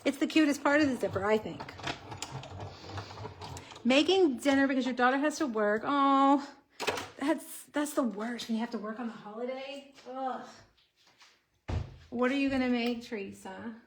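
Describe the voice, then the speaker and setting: A woman's voice: sits high, moderate pace, pauses often, a little hiss or hum. A woman in her forties hosting a casual card-making livestream, chatting to viewers as she works. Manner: chatty, talks to viewers while crafting.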